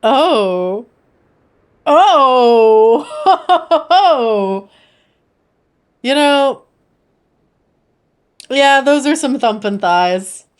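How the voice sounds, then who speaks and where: A woman's voice: high-pitched, lively intonation, very slow, pauses often, smooth. A woman streamer chatting casually and playfully with her viewers while she plays a game. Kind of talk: casual gameplay chat.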